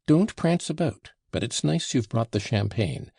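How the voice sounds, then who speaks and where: A man's voice: mid-range voice, big pitch swings, a little slow, gravelly, a little mellow, breathy edge, dry recording, voice pushed up, heavily acted. A man voicing an impatient, teasing young woman who scolds and insists. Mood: insistent. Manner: reproachful and insistent.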